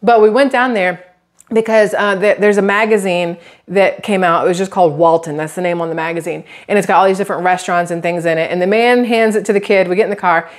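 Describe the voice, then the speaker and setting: A woman's voice: on the low side, fast. A woman, chatting casually as a YouTube creator. She rambles from point to point and acts out other people's lines as she tells stories. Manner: chatty, rambling, animated quoted asides. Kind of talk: casual chatty vlog storytelling.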